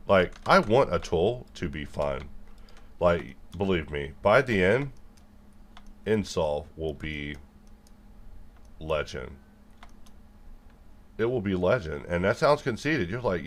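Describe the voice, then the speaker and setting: A young man in a rambling monologue to his viewers, jumping between jokes and animated rants. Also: sits low, unhurried. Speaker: software developer and video creator. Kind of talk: rambling stream-of-consciousness monologue.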